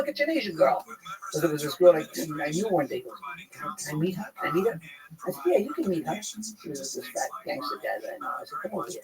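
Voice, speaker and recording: A middle-aged man telling loud, profane anecdotes in casual chat, acting out the people in his stories. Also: a little high, low-quality recording. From New York. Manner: animated, swearing, acts out people in stories. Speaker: guest storyteller.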